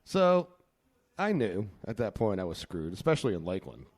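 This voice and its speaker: A man's voice: on the low side, sing-song, normal speed. A man hosting a casual podcast, joking and telling stories, laughing often. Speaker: podcast host. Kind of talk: casual chat.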